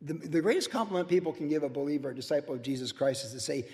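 A pastor in his sixties giving a sermon in a conversational, storytelling way with animated asides. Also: fairly high pitch, rapid-fire, long reverb tail. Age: 60s.

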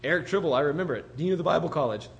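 A man delivering a sermon in a slightly raised voice, lively and conversational. He preaches with rhetorical questions to his congregation and slips into the voices of the people he quotes. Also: on the high side, very fast, gravelly, dull audio. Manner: animated, rhetorical questions, acts out voices of others. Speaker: pastor planting a church.

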